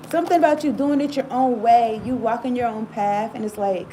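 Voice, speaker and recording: A tarot reader with a slightly high, mellow voice talks fairly quickly in a casual reading. She rambles, laughs often, and addresses the viewer directly with frequent asides, on a rough recording with slight background noise.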